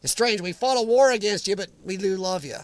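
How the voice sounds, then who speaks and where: There's no room sound as this American man, running a casual and opinionated livestream chat, talks in a high voice at a slightly fast pace. He rambles emphatically and addresses viewers by name.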